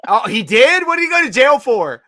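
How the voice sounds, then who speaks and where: A man's voice: very high-pitched, big pitch swings, fairly quick, bright, forceful tone, no room sound. A man hosting a casual sports draft show, joking and rambling, laughing often. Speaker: podcast host.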